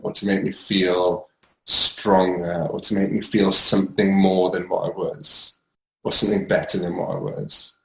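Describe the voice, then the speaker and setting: A young man with a deep, low voice talks through his own past in a candid, rambling way. He restarts sentences, fills gaps with ums, and laughs at himself. The sound rings around an echoey room. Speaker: storyteller sharing his recovery story. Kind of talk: candid personal monologue.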